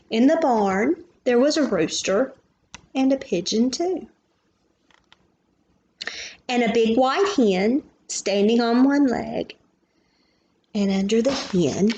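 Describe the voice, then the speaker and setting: A woman reading a picture book aloud to young children as their preschool teacher, in a gentle manner, stopping to ask questions and point out the pictures. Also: a little high, animated, slow, pauses often, highs cut off, a little hiss or hum.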